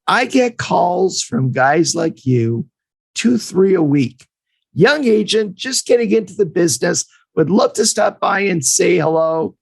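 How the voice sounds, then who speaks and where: A man's voice: high voice, expressive, a little slow, creaky, breathy edge, no room sound, heavily acted. A man voicing a brusque middle-aged male hockey coach who talks in a curt, dismissive way. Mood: lecturing.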